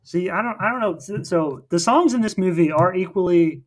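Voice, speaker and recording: A co-host of a casual film podcast recaps the plot in a rambling way, with plenty of fillers and restarts. He speaks at a moderate pace in a high-pitched voice.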